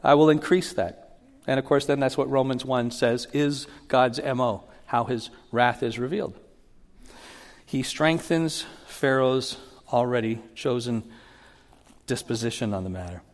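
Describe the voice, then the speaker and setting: A man giving a sermon as a pastor, teaching in an animated way and acting out Bible quotes with rising emphasis. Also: medium pitch, a little slow. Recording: long hall reverb.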